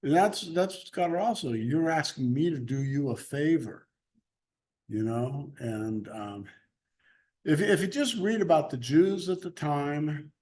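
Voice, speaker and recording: Bible class teacher, man, slightly high voice, slow and chatty. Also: a little mellow. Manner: chatty, laughs easily, loose restarts. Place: church classroom.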